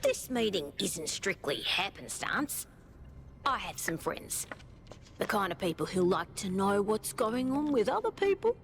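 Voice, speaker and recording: An actress voicing a sly, conspiratorial female robot citizen with an Australian accent, confiding and lively, in a video game. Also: mid-range voice, a little slow, gravelly, a crowd in the background. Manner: lively, confiding, drops to a whisper.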